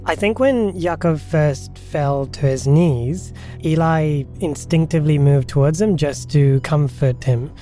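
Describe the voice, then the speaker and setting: A man playing a tabletop role-playing game who explains his moves in a deliberate, thoughtful way. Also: a little high, mellow, faint music behind. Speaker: player. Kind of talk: casual tabletop play.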